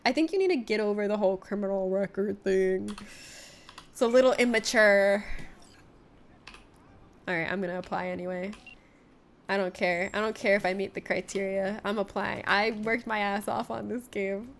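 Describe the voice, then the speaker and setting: A woman's voice: medium pitch, moderate pace, long pauses, slight background noise. A woman giving live gameplay commentary as a streamer, joking with her viewers in a playful, laughing way. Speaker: game streamer.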